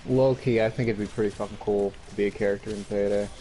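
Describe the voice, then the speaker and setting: A young man chatting casually while gaming, relaxed and swearing offhandedly, into a headset mic. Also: fairly low pitch, quick pace, slight background noise, rough recording. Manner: laid-back, profane. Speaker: gamer.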